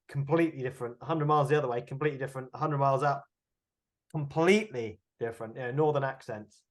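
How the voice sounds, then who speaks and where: A man with a Bristol accent talks through an interview in a middle-range voice. He reflects aloud and stumbles over repeated words as he gathers his thoughts. He sounds like an actor chatting about his work. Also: medium pitch. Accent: West Country English, Bristol. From England. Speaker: actor and producer, interview guest. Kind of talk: conversational interview.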